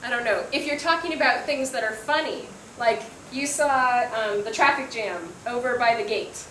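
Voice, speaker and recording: A woman's voice: a little high, moderate pace, pushed and bright. Woman teacher giving feedback in an echoey room. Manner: encouraging, frequent laughs and ums. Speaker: English teacher. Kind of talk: spoken feedback to a class. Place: classroom. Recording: echoey room, faint room noise.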